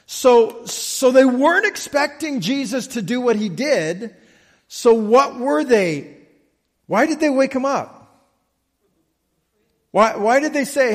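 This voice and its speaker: A man preaching a sermon, slow and emphatic, often checking in with the listeners. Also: extremely high pitch, expressive, long reverb tail. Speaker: pastor.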